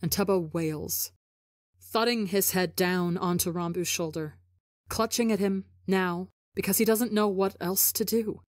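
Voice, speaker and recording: A woman reading a story for a podcast, narrating in a measured, emotive way. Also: on the low side, fairly even intonation, no room sound, clean studio sound. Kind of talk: dramatic audiobook narration.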